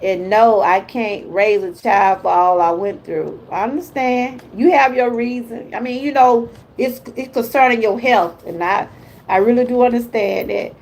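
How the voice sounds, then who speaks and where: An older woman's fairly high, somewhat dark voice comes through poor audio at a moderate pace. A lifestyle vlogger, she hosts a casual, encouraging livestream, chatting warmly with viewers and reading their comments out loud.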